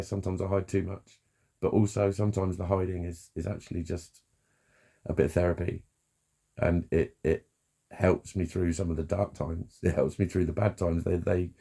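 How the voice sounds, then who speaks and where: A man giving a frank, halting personal monologue, swearing freely and restarting his sentences. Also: sits low, creaky, mellow. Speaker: vlogger.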